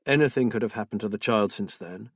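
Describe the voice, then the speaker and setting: A man reading a suspense novel aloud in measured, subdued scripted narration. His voice is husky, with an even middle pitch, and the recording is close and completely dry with no room sound. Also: dry recording. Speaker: audiobook narrator.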